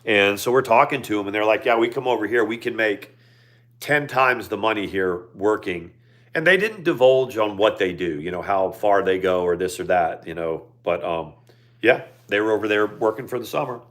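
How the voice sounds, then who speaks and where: Older guy, kinda low voice, chatting loosely on a stream, lots of ums. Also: moderate pace, fairly bright tone. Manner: rambling, with many fillers. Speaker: livestream co-host. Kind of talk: casual chat.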